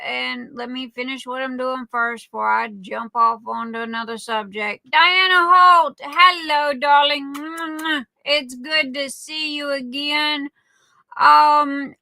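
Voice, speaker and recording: Warm and chatty, a livestream host in a high-sitting voice greets viewers by name and calls them darling. There is no echo.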